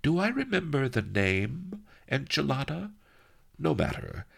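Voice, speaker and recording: A bloated, blustering viceroy villain, as a man puts him on, roaring threats one moment and lisping oily charm the next. His voice is pushed well above a low, gravelly natural register and swings widely, with a flavor, from a storybook reading. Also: big pitch swings, unhurried, full character voice. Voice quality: blaring, then lisping and oily. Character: blustering, paranoid Spanish viceroy villain, huge and armored.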